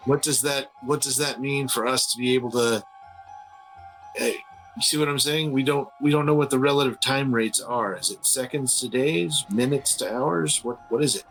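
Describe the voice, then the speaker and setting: A man's voice: medium pitch, moderate pace, a bit bright, faint music behind. A man playing a tabletop game, asking questions and joking dryly. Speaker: player. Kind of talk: tabletop role-play talk.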